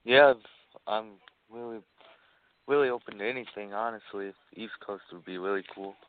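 A man's voice: on the low side, normal speed, slight background noise. A man from Iowa, a wrestler guest, giving brief, easygoing answers in a casual interview. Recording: tinny phone-line sound.

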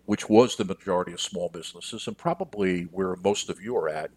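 A man's voice: deep voice, steady tone, a little fast, hardly any pauses, darkish tone, no room sound. A middle-aged man from the United States, a business coach talking directly to listeners in a casual podcast monologue. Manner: direct, conversational, addresses listeners as you.

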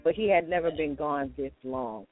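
A man's voice: fairly high pitch, moderate pace, no echo. A man co-hosting a casual morning talk show, earnest and a little hesitant, often repeating himself. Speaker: radio show co-host. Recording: tinny phone-like line with faint music.

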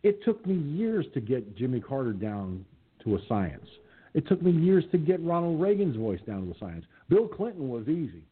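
A man's voice: medium pitch, very animated, moderate pace, breathy edge. A man hosting an internet radio show, chatting casually and rambling with plenty of fillers. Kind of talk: casual chat. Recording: phone-like lo-fi line.

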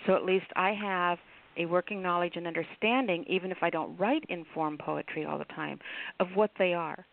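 A man's voice: high voice, fairly even intonation, moderate pace, vocal fry. A man hosting a radio show, talking in a loose, rambling, chatty way. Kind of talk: casual on-air chat. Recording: tinny phone-line sound.

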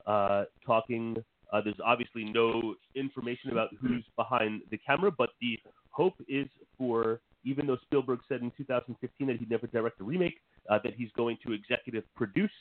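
A man's voice: mid-range voice, a little fast, no echo. A man co-hosting a podcast, speaking cautiously and hesitantly, with many fillers. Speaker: podcast co-host. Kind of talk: casual podcast chat. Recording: tinny dry phone-like line.

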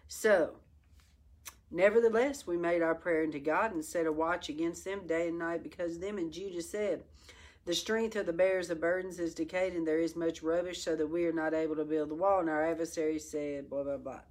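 A woman's voice: lowish voice, steady tone, fairly quick, darkish tone. A middle-aged woman teaching a Bible study, reading scripture and exhorting her listeners with fiery energy. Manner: fiery, exhorting, breaks into laughter and exclamations.

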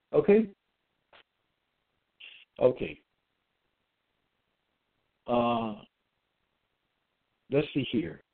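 A man's voice: a little high, creaky. A man giving a solo religious monologue, reading scripture verses aloud and commenting on each one, often repeating phrases and checking in with "okay?". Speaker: self-styled preacher. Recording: tinny phone-like sound.

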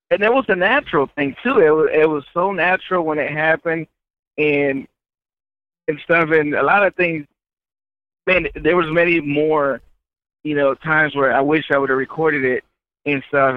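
A man's voice: a little high, measured pace, pauses often, no echo. Easygoing man on a tinny phone-like line. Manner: easygoing, talks in loose runs with many fillers. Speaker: truck driver trainer and guest. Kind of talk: casual interview chat.

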